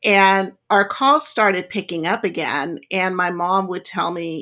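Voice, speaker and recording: A woman's voice: lowish voice, a little slow, hardly any pauses, sharp tone. A woman whose first language is Spanish, chatting as an interview guest and telling rambling stories. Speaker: guest, jeweler. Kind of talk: casual conversational interview.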